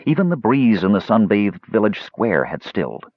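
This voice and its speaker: A man reading a fantasy novel aloud as an audiobook narrator, expressive and dramatic, in a slightly muffled recording. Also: fairly low pitch, moderate pace, no room sound.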